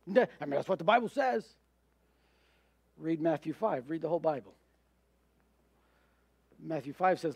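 A male pastor with a notably high, darkish, creaky and breathy voice preaches emphatically at normal speed, pausing often. He asks questions and answers them himself, acting out his listeners' objections, in a dry, close recording without echo.

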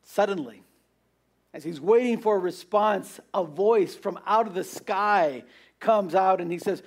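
A man's voice: high-pitched, measured pace. A man preaching a sermon, earnest and repeating his points for emphasis.

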